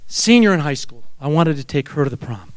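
A man in his seventies preaching a sermon, telling a personal story with animated delivery and calling out to the audience. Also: on the high side, brisk, no echo. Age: 70s.

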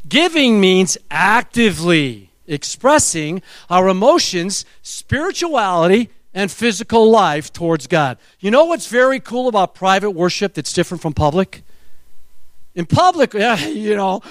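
Animated high-pitched preaching man. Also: unhurried, no echo. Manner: animated, acts out voices and quotes. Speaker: pastor. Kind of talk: sermon.

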